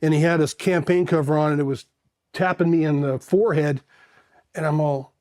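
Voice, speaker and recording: Animated man telling his own story. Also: a little high, brisk. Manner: animated, acts out quoted voices. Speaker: interview guest. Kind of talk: casual storytelling.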